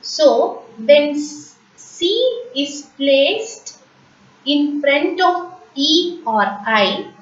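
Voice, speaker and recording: Slow, high-voiced woman teacher in echoey room. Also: expressive. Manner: patient, repeats words for learners. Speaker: French teacher. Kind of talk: slow explanatory lesson. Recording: echoey room, distant, dull lo-fi mic.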